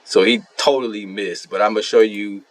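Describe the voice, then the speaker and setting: A man's voice: fairly low pitch, steady tone, a little fast, dry recording. A man giving casual commentary on a strategy game, ranting in an indignant, mocking way about another player.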